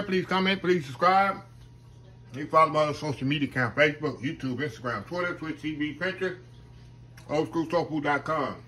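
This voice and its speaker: A man's voice: a little high, bright, forceful tone, low-quality recording. A man hosting a casual home cooking vlog, folksy and chatty, often calling out to viewers as y'all. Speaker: home cooking channel host.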